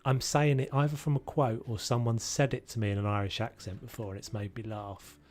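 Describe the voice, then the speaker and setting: A man from the United Kingdom streams a game, chatting loosely with his viewers and rambling between thoughts. His mid-range voice shows little pitch movement, comes a little fast, and sounds a little mellow.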